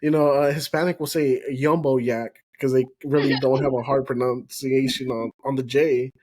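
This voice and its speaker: A man hosts a relaxed podcast conversation in a mid-range voice. He keeps nodding along with agreeing sounds and quick laughs before asking his next question. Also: mid-range voice. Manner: affirming, frequent "mm-hmm" and laughs. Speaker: podcast host. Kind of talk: casual interview chat.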